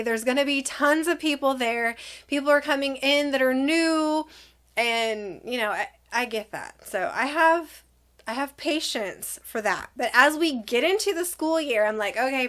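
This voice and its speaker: A young woman vlogger chatting casually to camera, animated, dramatic asides. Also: high-pitched.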